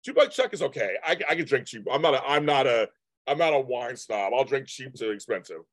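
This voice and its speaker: A man's voice: mid-range voice, animated, fairly quick, no room sound. A man in his fifties hosting a live stream, chatting casually and rambling as he answers comments from viewers. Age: 50s.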